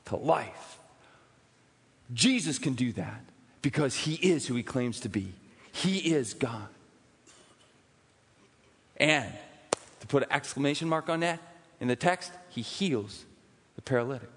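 A man preaching a sermon in a church, swinging from loud emphatic peaks to hushed, quiet asides. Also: medium pitch, husky, big-room sound. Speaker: pastor. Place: church sanctuary.

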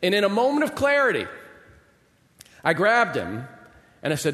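A man's voice: fairly high pitch, very animated, moderate pace, fairly bright tone. A middle-aged man, a pastor, telling a funny self-deprecating story in a sermon with comic exaggeration. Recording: long hall reverb.

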